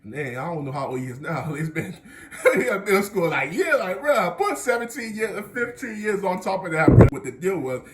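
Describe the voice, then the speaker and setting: A young man telling a school story as a vlogger, animated and slangy, often breaking into laughter. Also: sits high, normal speed. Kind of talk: casual storytelling. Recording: echoey room.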